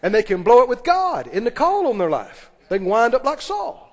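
High-voiced preacher in an echoing church. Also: male voice, wildly swooping pitch. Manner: preaching with call-and-response, quick asides and laughs. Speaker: pastor. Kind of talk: sermon. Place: church sanctuary. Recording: long reverb of a church hall.

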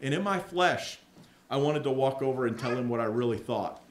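A pastor preaches conversationally in a large rented hall used for church services, his mid-range voice expressive and fairly quick. The sound is reverberant with slight background noise, and he tells candid, self-mocking stories, acting out the voices of the people in them.

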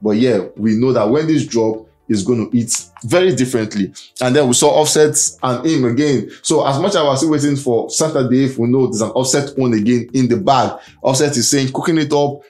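A man's voice: mid-range voice, a little fast, darkish tone. A young man hosting a casual entertainment news roundup, chatty and full of fillers, over faint music. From Nigeria. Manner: chatty, reads out fan comments, frequent fillers.

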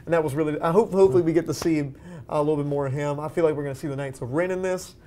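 A man's voice: a little high, steady tone, rapid-fire, dark tone, slight background noise. A man hosting a casual movie podcast, eager and chatty, steering the talk and asking the others for their views. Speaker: podcast host.

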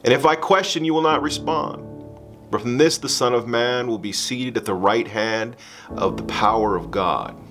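A man reading the words of a grave, sorrowful male teacher facing death, slow and quiet. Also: medium pitch, soft background music, natural voice.

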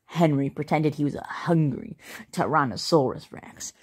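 A woman reading a children's story aloud as a storyteller, expressive and playful. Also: sits low, moderate pace.

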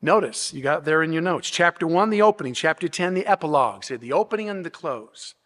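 Brisk and with lively intonation, this man speaks at a fairly high pitch with a slightly bright tone. He's a pastor in a church sanctuary preaching an expository sermon step by step, full of rhetorical questions, restarts, and repeated words, recorded with long hall reverb.

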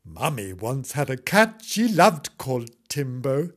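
Man, comic children's book reading, cheeky asides, husky, very animated pitch. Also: measured pace, hardly any pauses. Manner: mock-sweet, cheeky asides, giggly. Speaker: comic storyteller.

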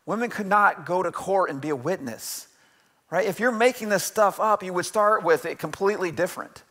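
A man in his forties gives a casual, conversational sermon in a church. His voice sits a little high for a man. He keeps checking in with "right?" and laughs easily as he goes. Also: brisk, a bit bright. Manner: conversational, asks "right?" often, jokes and laughs. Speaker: pastor. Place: church sanctuary.

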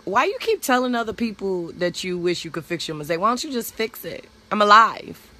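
A woman's voice: medium pitch, sing-song, brisk, a bit bright. A young woman telling a personal story on her vlog in a blunt, candid, profane way. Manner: blunt, candid, profane, speeds up when worked up. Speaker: vlogger.

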